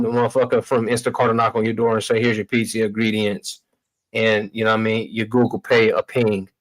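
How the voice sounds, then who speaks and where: A man's voice: mid-range voice, poor audio. A man hosting a livestream, talking through tech demos in a loose, slangy, casual way. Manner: loose, slangy, addresses viewers as y'all. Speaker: livestream host. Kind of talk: casual tech demo talk.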